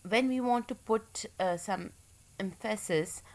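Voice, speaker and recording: A woman's voice: mid-range voice, a little mellow. Woman teaching a grammar lesson. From Pakistan. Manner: explains step by step with many "uh" pauses. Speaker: English teacher. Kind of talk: recorded grammar lecture.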